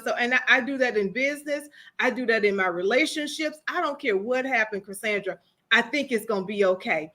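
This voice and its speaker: A woman transformation coach chatting as a guest, telling animated stories and repeating phrases for emphasis. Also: on the high side. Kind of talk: casual conversation.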